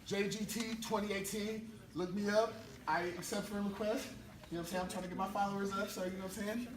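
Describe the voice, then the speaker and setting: A young man from San Francisco, performing slam poetry in a loud, brash, playful way that swells into shouted declarations. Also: high voice, fairly even intonation, fast talker. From San Francisco, California. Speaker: spoken word poet. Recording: far from the mic, noisy crowd.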